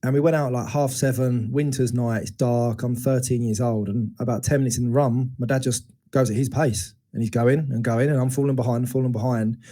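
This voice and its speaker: Man in his forties, mid-pitched and warm, candid guest opening up about hard memories with halting restarts. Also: steady tone. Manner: open, searching, halting retelling of painful memories. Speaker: interview guest. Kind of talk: candid personal storytelling.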